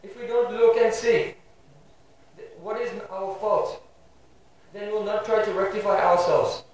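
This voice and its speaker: High-voiced man lecturing in an echoey room. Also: fairly even intonation, a little slow, slight background noise. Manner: checks in with listeners with a questioning "hmm?". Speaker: spiritual teacher giving a class. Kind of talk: devotional lecture. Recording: very echoey room, voice far from mic.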